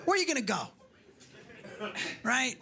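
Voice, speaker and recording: A man's voice: extremely high pitch, big pitch swings, measured pace, sharp tone. A man doing a stand-up comedy set, telling profane stories and acting out the dialogue himself. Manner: profane, storytelling, acts out dialogue. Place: comedy club stage.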